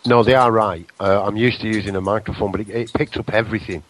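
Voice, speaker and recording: A man hosting a radio show, talking in a rambling, excitable, self-deprecating way close to his microphone. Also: lowish voice, quick pace, poor audio. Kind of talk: casual radio chat.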